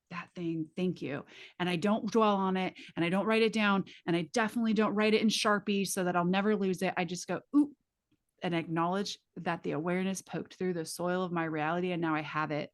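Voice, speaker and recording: A woman's voice: on the low side, steady tone, fast, few pauses. A woman facilitator teaching a live class in a casual, emphatic way, swearing freely and speaking straight to her students through vivid images.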